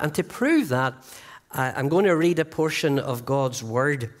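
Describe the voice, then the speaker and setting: Earnest male preacher giving a sermon. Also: fairly high pitch. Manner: earnest, emphatic, slows down on key phrases. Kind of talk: evangelistic sermon. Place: church sanctuary.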